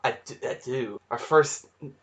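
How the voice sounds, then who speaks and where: A man's voice: mid-range voice, normal speed, fairly bright tone. A man co-hosting a podcast, doing silly, giggly promo banter.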